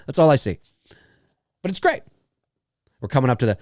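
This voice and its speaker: A man's voice: medium pitch, very animated, a little fast, long pauses, a little mellow, no echo, clean studio sound. A man hosting a live movie commentary, talking casually in a rambling, chatty way, laughing often and swearing freely.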